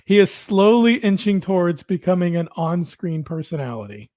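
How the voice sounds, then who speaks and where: A man's voice: high voice, big pitch swings, normal speed, a little mellow, no room sound, studio quality. A man co-hosting a casual wrestling podcast, wry and teasing as he asks his friend questions. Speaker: podcast co-host.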